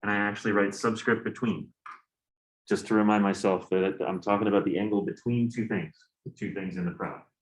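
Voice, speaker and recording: A man's voice: on the low side, fairly even intonation, brisk. A male physics professor lecturing a class, candid and joking, with exasperated asides. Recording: roomy classroom echo.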